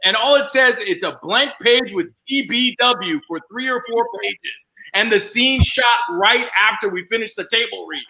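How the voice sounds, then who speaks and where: Bright, emphatic man. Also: sits high, normal speed, hardly any pauses, low-quality recording. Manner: emphatic, animated. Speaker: actor guest on a reunion show. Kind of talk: casual chat.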